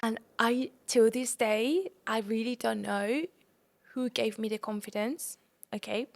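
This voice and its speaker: A young woman from the UK and Spain, hosting a podcast and telling a travel story in a casual, animated way, often calling her listeners "guys". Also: a little high. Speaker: podcast host.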